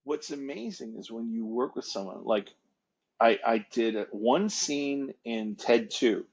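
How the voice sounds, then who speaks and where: Man, husky voice, casual rambling storyteller, muffled lo-fi audio. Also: mid-range voice, measured pace, a little mellow. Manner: rambling, repeats words and restarts. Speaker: guest actor and producer.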